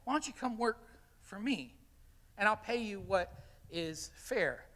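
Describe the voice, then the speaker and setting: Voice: medium pitch, unhurried. Pastor preaching in a reverberant church. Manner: animated storyteller, acting out quotes. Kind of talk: sermon with storytelling. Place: church sanctuary.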